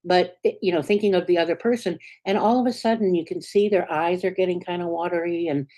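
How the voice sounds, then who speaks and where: A woman minister from the United States giving a sermon in an earnest, conversational way. She often checks in with the congregation and moves between soft, hushed asides and sudden emphatic peaks. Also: on the low side, fairly even intonation, fast talker.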